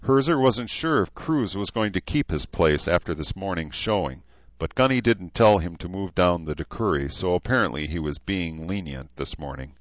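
A man reading an audiobook in a steady, measured way, on a dull, dry recording. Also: sits low, no room sound. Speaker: audiobook narrator. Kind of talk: scripted narration.

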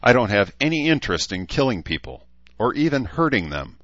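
A man's voice: mid-range voice, very animated, brisk, a bit bright, dry recording, highs cut off, pitched above the performer's own voice. A man reading an audiobook voices an idealistic young woman who argues back with indignation. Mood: indignant. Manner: indignant, challenging.

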